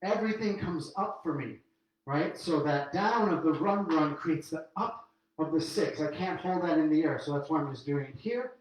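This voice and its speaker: A man's voice: fairly high pitch, expressive, moderate pace. A middle-aged man teaching a swing dance lesson online, counting steps aloud while he dances, upbeat. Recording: very echoey room.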